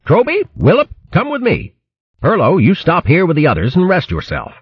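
A man voicing a brisk male boxing hare who calls out commands, on a dull lo-fi recording. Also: on the high side, huge pitch swings, breathy edge, no echo, pitched above the performer's own voice, heavily acted. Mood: commanding. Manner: calling out commands.

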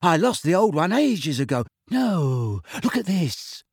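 A man reads a story aloud, voicing a clumsy, eager teenage boy wizard who sounds breathless, earnest, and a little flustered. His heavily acted delivery is pitched above his own voice, fairly high, sing-song, and unhurried, with a breathy edge. The studio sound is clean with no room sound.

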